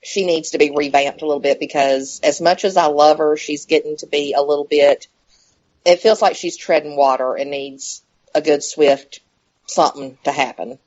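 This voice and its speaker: A woman's voice: sits low, steady tone, normal speed, a little mellow. A woman speaking frankly as a podcast panelist, repeating herself in frustration. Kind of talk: casual podcast chat. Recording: dull lo-fi audio.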